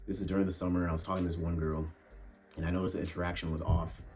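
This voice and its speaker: A young man with a very deep, low voice delivers blunt, swear-filled dating advice in a casual monologue. He keeps addressing the listener as bro. Faint music plays underneath. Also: little pitch movement, racing, darkish tone. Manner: blunt, profane, calls viewers bro. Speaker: fitness and dating vlogger.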